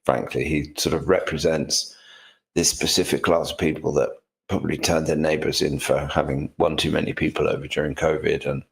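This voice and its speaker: A man co-hosts a relaxed talk show, dry, disdainful and a little rambling. His voice is very low for a man. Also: brisk, creaky, poor audio. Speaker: co-host. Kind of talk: casual chat.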